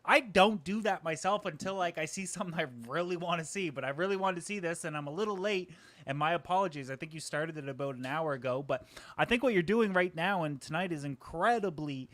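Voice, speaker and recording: Energetic, joking man with a dry sound. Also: sits high, no echo. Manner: energetic, joking, talks in quick bursts, self-deprecating. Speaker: guest, aquarium YouTuber. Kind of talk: casual live-stream chat. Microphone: home microphone just set up.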